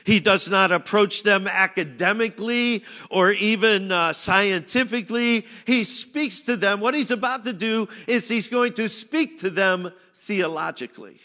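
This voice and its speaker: A man preaching a sermon, shifting from loud pleading cries to hushed, low phrases. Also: a little slow, few pauses, in a large hall. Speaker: pastor.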